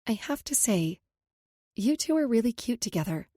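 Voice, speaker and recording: A woman's voice: fairly high pitch, very animated, normal speed, mellow, breathy edge, no room sound, clean studio sound. A woman reading an audiobook, voicing a supportive young female friend in a light, matter-of-fact way. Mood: warm. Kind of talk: audiobook character voice.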